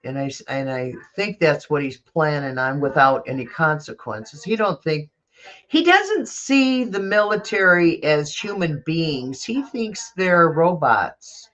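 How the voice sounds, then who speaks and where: A woman's voice: sits low, lively intonation, unhurried, a bit bright. A woman hosting a tarot channel, chatting casually with blunt, profane, rambling talk and coughing now and then. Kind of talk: casual livestream chat.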